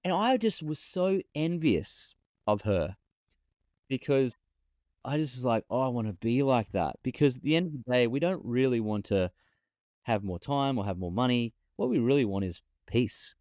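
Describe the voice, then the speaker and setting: A man talking as a podcast guest over a remote call, an animated storyteller who often repeats himself. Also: mid-range voice, normal speed, dry recording. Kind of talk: casual interview talk.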